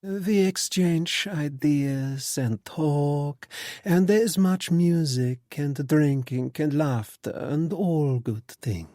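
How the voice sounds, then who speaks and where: A man reading an audiobook and voicing a striking woman in her thirties with a smooth, silky voice and a slow, regal manner. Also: a little high, mellow, dry recording, clean studio sound, pitched above the performer's own voice. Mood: languid.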